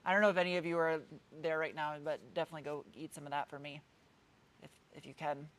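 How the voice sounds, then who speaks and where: A woman in her thirties with a New England accent, talking in a slightly low voice. She hosts a casual live stream and answers viewer comments in a loose, meandering way, circling back and restarting her sentences. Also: level tone, fast. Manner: chatty, rambling, meandering with frequent restarts. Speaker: car channel host.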